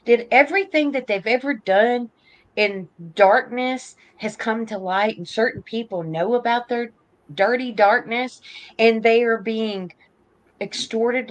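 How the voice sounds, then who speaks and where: A woman's voice: fairly high pitch, a little slow. Heated woman in her fifties, ranting. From United States. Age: 50s. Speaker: podcast host. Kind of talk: political opinion talk.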